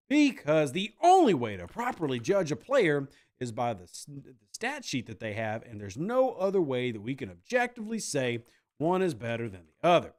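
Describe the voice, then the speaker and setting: Animated joking male podcast host. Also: on the high side. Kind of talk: casual chat reacting to viewer comments.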